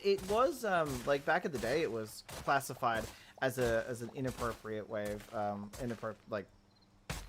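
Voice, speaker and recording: Casual gameplay commentator, lively and bouncy delivery, giggly rambling storyteller. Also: mid-range voice. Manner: rambling, giggly, goofy asides; chatty storytelling with many fillers and restarts. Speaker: gaming YouTuber.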